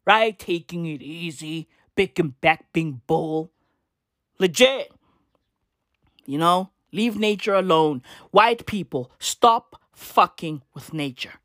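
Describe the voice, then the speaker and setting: A woman's voice: fairly low pitch, lively intonation, takes it slowly, no room sound, studio quality. A woman from Africa doing a comedic rant to camera, profane and slangy, hammering her points with repetition. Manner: profane, slangy, emphatic, repeats lines for effect. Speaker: comedic commentator.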